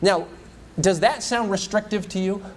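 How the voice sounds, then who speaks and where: A man's voice: fairly high pitch, animated, moderate pace, a little mellow, a little hiss or hum. A male evangelist preaching a sermon in a church. He asks the congregation many rhetorical questions.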